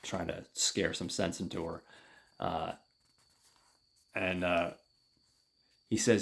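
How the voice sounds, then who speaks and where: Man, podcast host, casual comic recap; deep voice, slow and halting. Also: fairly even intonation, vocal fry, husky. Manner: halting, many fillers.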